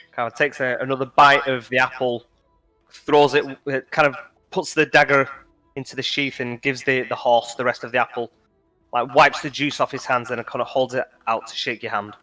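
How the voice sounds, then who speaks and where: A man's voice: mid-range voice, steady tone, normal speed, sharp tone, dry recording, soft background music. A man running a tabletop game as game master, narrating with many fillers and restarts over a voice call. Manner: hesitant, filler-heavy narration.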